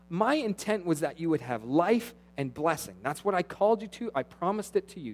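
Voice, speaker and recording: A man preaching with a voice a little higher than most men's. He is animated, jumping from loud exclamations to quiet asides. He voices the quoted speakers as he goes. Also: low-quality recording. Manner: acts out quoted dialogue of God and the priests. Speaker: pastor. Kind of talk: sermon.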